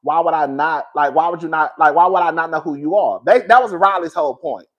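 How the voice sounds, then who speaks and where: A man's voice: a little high, brisk, highs cut off. Guy spilling tea on a reality show, dramatic and chatty, calls everybody girl. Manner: animated, dramatic storytelling with emphatic repetition; swears freely and addresses listeners as "girl". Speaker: reality TV commentator. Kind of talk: casual gossip commentary.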